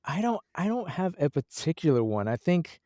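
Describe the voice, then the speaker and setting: A male audiobook narrator chatting casually in an interview, animated and laughing often as he acts out his own thoughts. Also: a little high, normal speed, no echo, studio quality.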